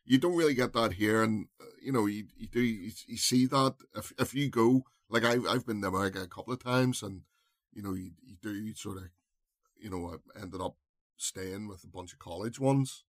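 A man talks over films on a casual podcast in a low voice. He rambles, trails off and hunts for titles mid-sentence. The sound is dry and close, with no echo. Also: normal speed. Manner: rambling, searches for words, many fillers. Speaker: podcast co-host. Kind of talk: casual film review chat.

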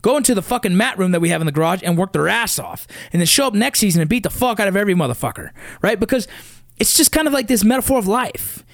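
Blunt, fiery high-voiced man ranting. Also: animated, quick pace, vocal fry, no room sound, studio quality. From San Fernando Valley, California. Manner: blunt and intense, heavy swearing, repeats for emphasis. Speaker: father of young athletes. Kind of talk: profane motivational rant.

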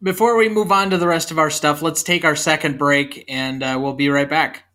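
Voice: mid-range voice, fairly even intonation, normal speed, bright, forceful tone. A podcast co-host in a casual movie review chat, talking with a sarcastic, dismissive edge.

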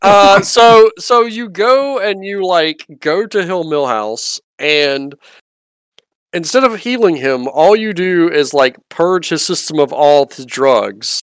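Unhurried game master narrating a tabletop game. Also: mid-range voice, lively intonation, clean tone, no room sound. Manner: unhurried, hesitant, lots of um and like.

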